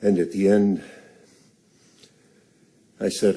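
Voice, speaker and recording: An older man slowly telling a personal story on stage, halting and earnest. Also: low-pitched, fairly even intonation, creaky, mellow, breathy edge.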